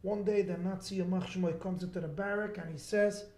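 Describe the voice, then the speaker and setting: A man's voice: high voice, fairly even intonation, brisk, hardly any pauses, darkish tone, reverberant. A man tells a story dramatically and fervently and makes a fundraising appeal at a live charity event. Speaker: event speaker.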